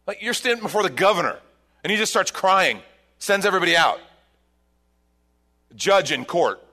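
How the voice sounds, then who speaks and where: A man's voice: sits high, normal speed. Man preaching a story-driven sermon. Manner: animated storytelling, retelling scripture with emphatic rises. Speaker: pastor.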